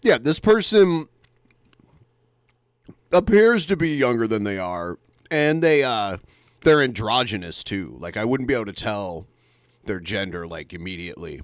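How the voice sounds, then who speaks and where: Podcast cohost guy, lively pitch but trails off with lots of um and like, dry close mic. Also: unhurried, pauses often, no echo. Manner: hesitant, trails off with fillers. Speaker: podcast co-host. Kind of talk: casual commentary.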